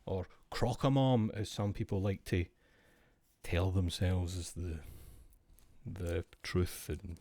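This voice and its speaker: A man's voice: sits low, fairly even intonation, slow pace, dark tone, a little hiss or hum. Sweary Scottish man rambling over cards. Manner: rambling, sweary, musing aloud to himself. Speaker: streamer. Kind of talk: casual chat while opening trading card packs.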